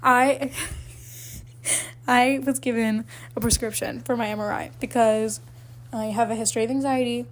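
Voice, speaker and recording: A woman's voice: a little high, fairly even intonation, normal speed. A young woman co-hosting a podcast, telling a long rambling story in casual chat, full of fillers and laughter. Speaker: podcast co-host.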